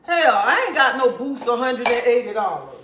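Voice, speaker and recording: Animated older woman telling stories. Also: on the high side, normal speed, roomy sound, noisy background. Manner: animated storytelling with quoted dialogue. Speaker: livestream host. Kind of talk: casual chat.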